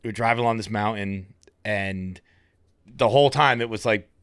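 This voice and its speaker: A man's voice: lowish voice, normal speed, a bit bright, clear, resonant tone, no echo. A man from Massachusetts, a podcast guest in casual chat, telling rambling stories and laughing at himself. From Fall River, Massachusetts.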